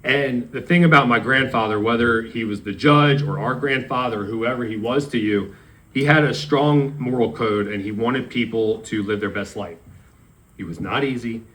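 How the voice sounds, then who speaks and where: A man's voice: medium pitch, moderate pace, fairly bright tone, rough recording. A man in his thirties from Maryland giving a eulogy for his grandfather, telling a story and acting out the quoted dialogue. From Maryland, USA. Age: 30s. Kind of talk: memorial speech. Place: memorial service.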